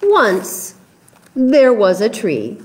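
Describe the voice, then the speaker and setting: A woman, a children's librarian, reading picture books aloud at story time in an animated, coaxing way. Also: fairly high pitch, extremely slow.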